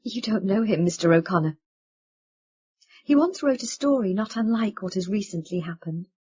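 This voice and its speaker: Tearful young woman, shaken and pleading, lively pitch, read by a woman. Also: moderate pace, slightly rough, lo-fi sound. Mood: distressed.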